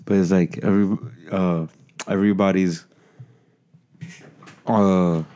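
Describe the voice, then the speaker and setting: A man's voice: deep voice, little pitch movement, slow pace, warm tone, slight background noise. A man co-hosting a podcast, ranting in casual chat, rambling, profane and emphatic. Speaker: podcast co-host.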